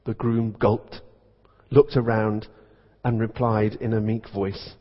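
A man's voice: mid-range voice, steady tone, moderate pace, breathy edge. A man serving as vicar, preaching a sermon in a conversational storytelling manner. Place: church. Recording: dull recording in echoey church.

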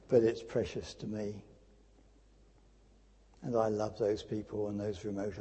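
An older man preaching a sermon in a church, telling stories with lively emphasis and dropping to a near whisper at times. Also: on the low side, unhurried, gravelly, long pauses, slightly rough. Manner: animated storytelling with sudden drops to hushed speech. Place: church hall. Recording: long church reverb.

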